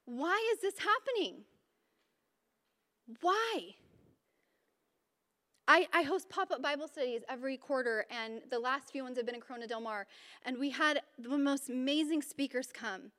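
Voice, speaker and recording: A woman with a high, bright voice preaches in a casual, chatty way and keeps slipping into energetic bursts of emphasis. Her talk rings out with a long hall echo behind it. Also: fairly quick, clear, resonant tone. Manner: informal and chatty, with fillers and restarts. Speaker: women's Bible study speaker. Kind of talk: conversational sermon. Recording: reverberant hall sound.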